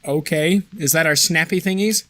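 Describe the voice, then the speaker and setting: A man co-hosting a casual let's-play video, excitable and jokey, sometimes slipping into silly voices. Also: fairly high pitch, normal speed. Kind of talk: casual gameplay chat, reading story aloud. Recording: music playing behind.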